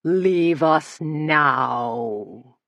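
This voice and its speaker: A woman voicing a shrill, furious cult-leader man. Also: lively intonation, drawn-out words, creaky, dry recording, muffled recording, full character voice. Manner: shrill, strident shouting. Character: angry shrieking middle-aged man, cult leader.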